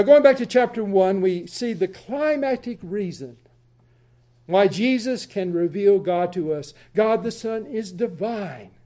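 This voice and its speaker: Male Bible teacher, unhurried, mellow tone, careful step-by-step explaining. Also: sits high. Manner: deliberate, explanatory, repeats for emphasis. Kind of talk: Bible study lesson.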